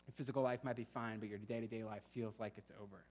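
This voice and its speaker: A young man preaching a sermon in a relaxed, conversational way, telling stories and acting out quoted voices. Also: fairly low pitch, fast talker. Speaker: pastor. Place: church hall. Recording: long reverb of a church hall.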